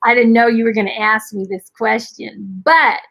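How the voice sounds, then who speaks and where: A woman's voice: on the high side, steady tone, normal speed, creaky, fairly bright tone, husky. A middle-aged woman mentor speaking earnestly and emotionally in a live online interview. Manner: earnest, emotional, faith-driven. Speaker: coach and mentor for women.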